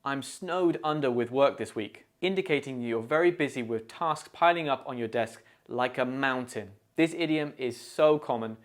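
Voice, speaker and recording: Speaking at medium pitch, a British-accented man teaches English idioms from a script. He explains every phrase plainly and demonstrates its pronunciation in a deliberate, clear teaching manner.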